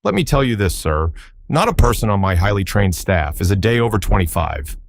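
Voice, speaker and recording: A man voicing a brisk, confident young detective who speaks crisply and grandly. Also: lowish voice, big pitch swings, slight background noise.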